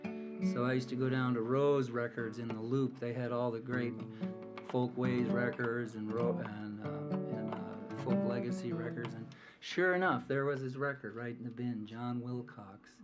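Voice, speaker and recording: A man from the American Midwest, a folk singer, telling a rambling, easygoing story on a small coffee house stage, with many filler pauses, over guitar. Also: medium pitch, steady tone. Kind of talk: onstage storytelling between songs. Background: guitar playing under the talk.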